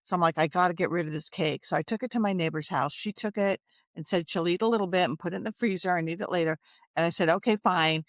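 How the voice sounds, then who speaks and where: A woman's voice: on the low side, fast talker, no room sound, studio quality. A woman hosting a candid talk, speaking earnestly and openly about her feelings. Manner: earnest, open, reflective, emotional. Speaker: show host in recovery. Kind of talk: candid conversation.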